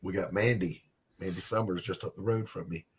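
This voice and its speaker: A man with a drawl hosts a relaxed live chat, his voice a little low and husky. He talks freely and laughs often. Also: brisk. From Southern United States. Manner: chatty, laughs easily. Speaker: livestream host. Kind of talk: casual chat.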